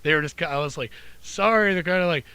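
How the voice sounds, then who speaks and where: A man casually telling profane, animated stories about his old job as a cab driver. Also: a little high, rapid-fire, clear, resonant tone, dry recording. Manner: loose, profane, animated storytelling. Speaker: podcast co-host, former cab driver. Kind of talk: casual storytelling chat.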